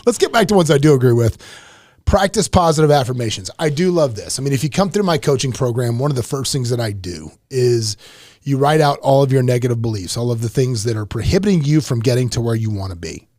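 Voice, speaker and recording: A man hosting a podcast and coaching, telling stories in a lively way and tripping over his words. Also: mid-range voice, quick pace, no room sound, studio quality. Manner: animated storyteller, trips over his words. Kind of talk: casual podcast chat.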